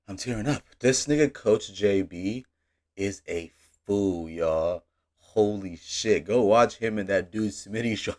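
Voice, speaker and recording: A man's voice: fairly low pitch, measured pace, darkish tone. A man streaming his reaction to a clip, talking in a loose, laughing, profane way. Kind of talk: casual reaction commentary.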